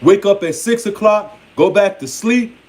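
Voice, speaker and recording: A man's voice: high voice, unhurried, darkish tone. A man giving a casual, blunt, playfully scolding monologue on spirituality. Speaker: spiritual speaker.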